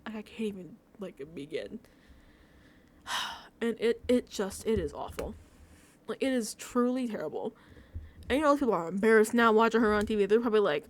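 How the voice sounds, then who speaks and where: A young woman recapping a reality show in a casual, animated rant, using a lot of filler and often laughing at her own exasperation. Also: on the high side, moderate pace, pauses often. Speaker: vlogger reacting to a reality show.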